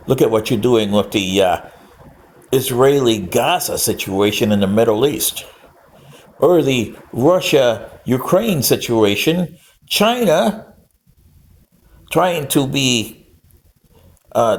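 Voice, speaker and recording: An older man giving a rambling, scolding lecture-style monologue straight to the camera. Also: mid-range voice. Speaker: vlogger.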